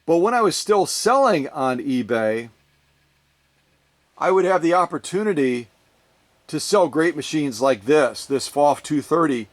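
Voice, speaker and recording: Chatty, slightly high-voiced man vlogging. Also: expressive, measured pace. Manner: chatty and playful, with jokey asides. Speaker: sewing machine restorer and channel host. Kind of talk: casual vlog chat to viewers.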